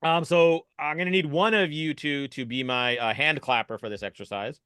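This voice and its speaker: A man, a podcast guest and improv keynote speaker, explaining an exercise with animated energy over a video call. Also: a little high, clean tone, no room sound. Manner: animated, fast-talking.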